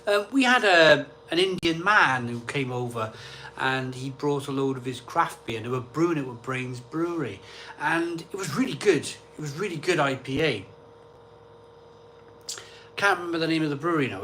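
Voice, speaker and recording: A man's voice: fairly high pitch, expressive, moderate pace, bright, forceful tone, slight background noise. A man hosting a casual live stream, reading out viewer comments and answering them in an offhand, chatty way.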